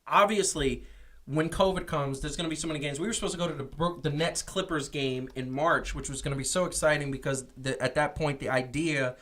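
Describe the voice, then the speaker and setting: Man co-host, casual sports talk, fairly high voice, animated and opinionated, quick restarts. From New York. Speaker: podcast co-host. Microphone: streamed show mic.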